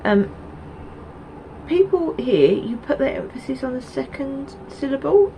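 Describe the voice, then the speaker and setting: High-voiced and lively yet dark in tone, she keeps a measured pace while chatting rambly about knitting on her video podcast, dropping ums and asides. She's from Essex, and the rough recording carries slight background noise.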